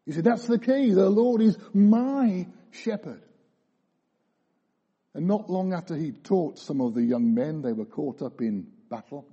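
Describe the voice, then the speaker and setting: A man preaching a sermon, telling stories with emphasis and slowing down for key phrases. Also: on the high side, mellow, slightly rough. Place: church. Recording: dull echoey church recording.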